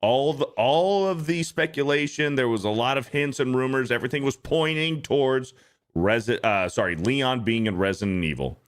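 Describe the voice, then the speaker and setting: A man's voice: mid-range voice, normal speed. A man hosting a casual podcast, talking in crude, joking banter. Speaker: podcast host.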